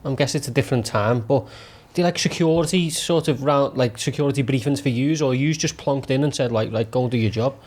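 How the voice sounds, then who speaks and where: A man's voice: mid-range voice, quick pace, few pauses, darkish tone. A man co-hosting a podcast, asking questions and joking in casual chat. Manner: jokey, uses local slang. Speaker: podcast co-host.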